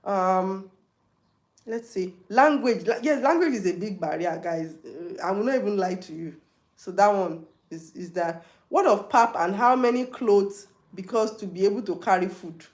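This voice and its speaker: A Nigerian woman talks casually through a live stream, answering viewer questions with frank, chatty advice. Her voice sits at an ordinary middle pitch. The sound comes across roomy and echoey. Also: moderate pace, darkish tone. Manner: chatty, advising viewers directly, mixing in Yoruba and pidgin. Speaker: livestream host.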